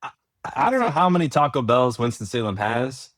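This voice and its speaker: A man's voice: mid-range voice, lively intonation, brisk. A man hosting a podcast, chatting and joking casually with his guest. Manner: joking, easygoing interviewer. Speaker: podcast host. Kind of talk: casual chat.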